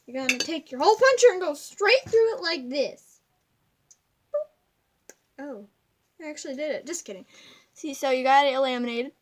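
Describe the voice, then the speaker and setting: With noise in the background, a young woman with a high-pitched voice films a craft tutorial at home. She giggles, rambles, and keeps drifting away from the subject.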